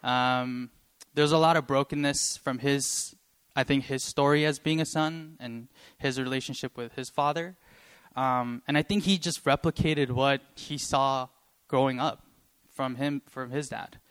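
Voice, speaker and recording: A young preacher shares a personal story in a sermon, speaking earnestly and haltingly with many pauses as emotion chokes him up. His medium-pitched voice is steady, a bit bright, clear and resonant.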